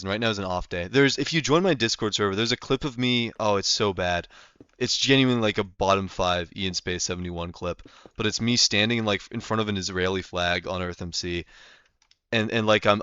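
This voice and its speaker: A man's voice: lowish voice, fairly bright tone, smooth, no room sound, muffled recording. A young man live-streaming a game, chatting casually and rambling with lots of fillers.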